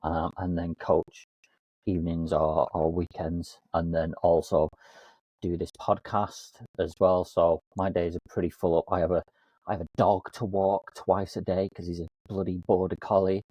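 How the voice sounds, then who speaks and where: A man's voice: sits low, flat delivery, moderate pace, dark tone, slightly rough, no echo. A man co-hosting a casual coaching podcast, self-mocking and laughing often. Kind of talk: casual chat.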